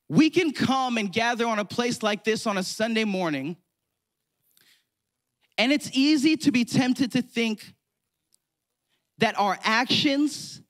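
A man preaching a sermon to a church congregation, conversational and playful, acting out mock prayers. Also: high voice. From California. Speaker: pastor.

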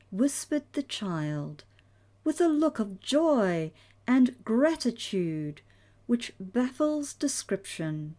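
A woman reads a devotional story aloud in a measured, reverent manner. Her voice is mellow and a little high, with a slow pace and a lively, expressive melody.

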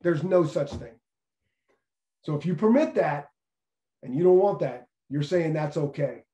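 Middle-aged man, former coach, speaking to a room about leadership: earnest and emphatic, fairly high voice, roomy echo. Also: expressive, unhurried, warm tone, highs cut off. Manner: earnest, repeats key phrases for emphasis. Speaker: former football coach giving a leadership talk. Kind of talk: motivational leadership talk. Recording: echoey room.

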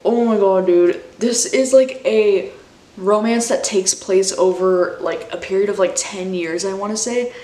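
A woman's voice: mid-range voice, a little slow, warm tone, echoey room. A woman in her twenties chatting casually as a book vlogger, gushing and emotional, full of "like" and "dude". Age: 20s. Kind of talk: casual chat.

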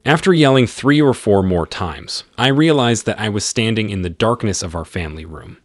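A man, host of his channel, narrating a first-person story in an expressive reading style. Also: on the low side, normal speed, dry recording, studio quality.

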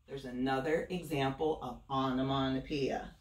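A woman teacher reading a storybook aloud to students, expressive and stopping to ask them questions. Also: low voice, slow pace. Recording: roomy, from a distance.

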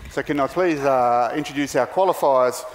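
A man presenting on stage at a conference, jokey and halting with fillers. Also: medium pitch, long reverb tail, a little hiss or hum. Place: large conference hall.

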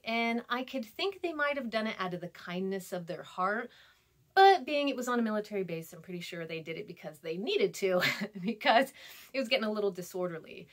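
A chatty woman in her thirties talks through a class reading in a loose, rambling way. She fills her talk with ums, laughs and little acted-out quotes. Her voice sits at a middle pitch. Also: fairly bright tone. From California, US. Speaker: instructor. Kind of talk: recorded lecture.

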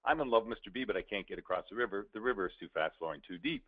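A pleading young woman in love, as a male speaker puts her on speaks softly and earnestly. The lowish voice comes through a thin, phone-like recording. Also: lively intonation, racing, slightly rough. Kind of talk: storytelling voices in a talk. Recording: tinny narrow-band recording.

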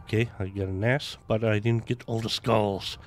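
A man giving casual let's-play commentary, calling out targets loudly and excitedly as he shoots. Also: fairly low pitch, moderate pace, noisy background. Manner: loud excited callouts while shooting. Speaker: gameplay commentator. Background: game music.

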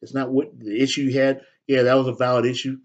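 A man who works as a staffing recruiter talks casually to camera, offering blunt career advice. His mid-range voice moves little in pitch and runs at a quick pace over lo-fi sound. He's direct and repetitive, constantly punctuating with "okay?" and "right?"

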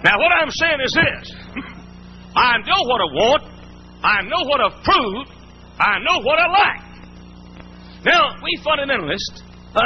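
High-voiced man preaching folksy stories. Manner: folksy, repeats and restarts words. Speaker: pastor. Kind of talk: storytelling sermon. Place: church before a congregation. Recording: muffled old sermon tape with faint hum.

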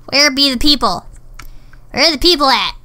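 Bright high-voiced woman muttering through gameplay. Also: lively intonation, normal speed. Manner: self-talking, swearing, exasperated. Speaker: gamer. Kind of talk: gameplay commentary.

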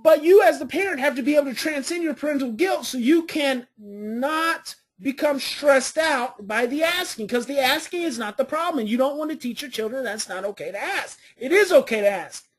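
A woman's voice: high voice, animated, moderate pace, hardly any pauses. A woman giving a parenting coaching class, telling family stories and hammering points home by repeating them. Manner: storytelling with family anecdotes, emphatic repetition.

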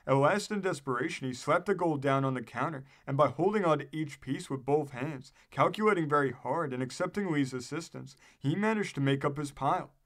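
A man narrating an old newspaper article in a steady, measured reading voice. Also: a little high. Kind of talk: read-aloud narration.

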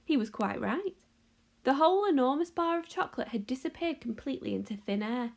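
Woman teacher, storybook read-aloud, expressive and lively. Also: high voice, a little fast, gravelly. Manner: expressive, animated reading. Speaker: teacher reading a class novel.

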